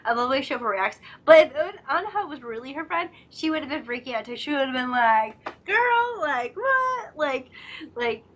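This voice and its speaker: A woman's voice: sits high, a little fast. A young woman co-hosting a casual drama discussion, chatty and giggly, acting out scenes in quoted voices. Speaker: co-host of a drama discussion channel. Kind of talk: casual chat.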